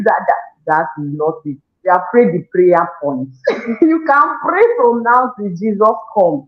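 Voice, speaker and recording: A woman with a Nigerian accent giving an animated testimonial, acting out her own scolding and prayers and laughing often. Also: mid-range voice, a little slow. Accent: Nigerian English. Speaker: parenting program participant. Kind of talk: testimonial interview. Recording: echoey room on a tinny phone-like line.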